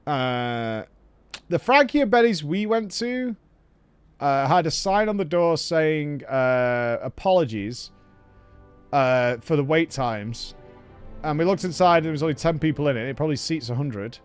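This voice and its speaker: British male streamer, loud animated storyteller, voice bouncing a lot, fairly high for a man. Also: normal speed, clean tone, dry recording, soft background music. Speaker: gaming streamer. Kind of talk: casual chat while playing a game.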